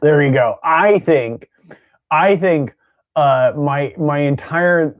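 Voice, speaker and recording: A man co-hosting a casual podcast chat, teasing and halting, with many fillers and restarts. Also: a little high, no echo, highs cut off. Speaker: co-host.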